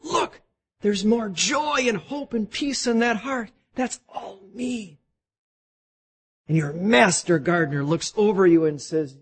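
A man preaching from the pulpit with a slightly high, husky voice. He preaches with animated energy, often rising sharply in pitch as he gives God's words to his listeners. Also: slow. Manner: animated preaching, voice climbing high when voicing God. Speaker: pastor. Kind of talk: sermon.

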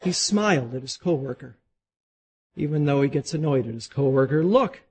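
A man preaching a sermon as a pastor, animated, his voice climbing high as he voices God speaking to the congregation. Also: moderate pace, husky.

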